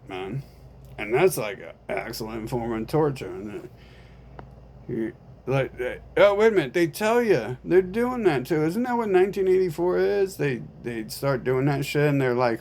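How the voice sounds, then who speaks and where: A man's voice: medium pitch, animated, moderate pace, a little mellow. A man delivering a rambling, profane, conspiratorial monologue straight to the camera.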